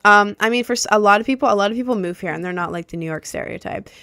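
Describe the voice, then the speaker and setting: Chatty young woman, smooth dry voice. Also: medium pitch, rapid-fire, bright, forceful tone, no room sound, soft background music. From Maryland, USA. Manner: rambling, heavy filler "like". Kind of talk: casual chat to camera.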